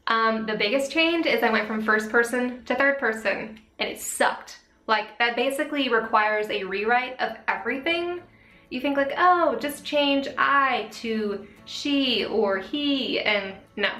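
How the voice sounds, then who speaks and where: A young woman vlogger, slightly sick and out of breath, chatting quickly through viewer questions with lots of "like" and "um". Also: a little high, sharp tone. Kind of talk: casual Q&A vlog. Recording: echoey room, faint music.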